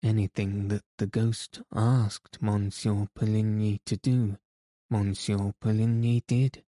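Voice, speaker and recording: A man voicing an excitable, indignant old female box keeper in an audiobook reading. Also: on the low side, takes it slowly, no room sound, clean studio sound. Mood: insistent.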